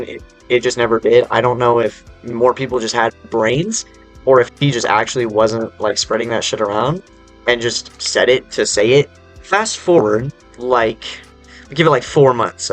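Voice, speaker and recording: A young adult man telling a personal story in casual speech, animated and rambling, with lots of fillers and swearing. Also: medium pitch. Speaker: storyteller vlogger.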